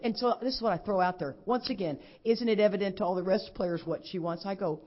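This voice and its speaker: A middle-aged woman, giving a lively personal testimony at a recovery convention and acting out what others said. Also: mid-range voice, quick pace, hardly any pauses. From Texas. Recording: dull lo-fi convention recording.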